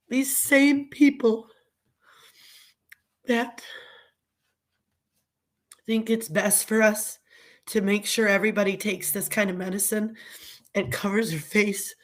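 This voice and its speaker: A woman ranting angrily on a live stream, upset and indignant, repeating herself. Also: mid-range voice. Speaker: vlogger. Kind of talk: emotional live stream rant.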